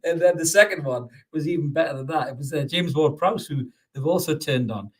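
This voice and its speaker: A man's voice: on the high side, brisk, husky. A man hosting a casual football podcast. He is chatty and sweary, laughs often and restarts his sentences a lot. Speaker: podcast host. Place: home studio, podcast.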